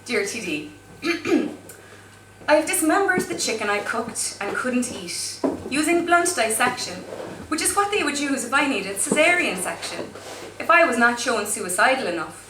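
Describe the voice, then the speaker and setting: Brief: woman spoken word poet, bright high voice, mic set back in an echoey pub room. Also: very animated, distant mic, background noise. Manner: wry, chatty between pieces, slow and deliberate in poems. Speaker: guest poet.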